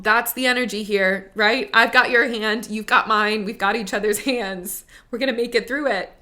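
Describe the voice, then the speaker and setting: An upbeat woman talks through her own money podcast in a loose, chatty way. She keeps checking in with the listener as she goes. Her voice is bright and forward. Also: on the high side, moderate pace, few pauses. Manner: chatty, upbeat, with frequent likes and rights. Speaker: podcast host and money coach. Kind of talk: casual solo podcast talk.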